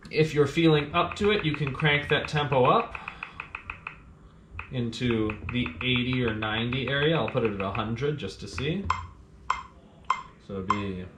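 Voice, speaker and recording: A man's voice: medium pitch, unhurried, pauses often, heavy background noise. Man teaching piano in an echoey room. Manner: counts beats aloud and hums rhythms while playing; patient, plain instructions to the learner. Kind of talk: step-by-step music lesson. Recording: roomy sound with piano playing.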